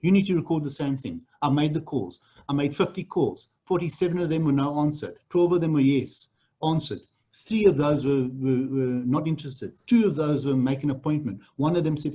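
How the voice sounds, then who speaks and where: A man's voice: on the high side, brisk, mellow, breathy edge. A man running a sales training on a video call, blunt and repetitive. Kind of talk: online training session.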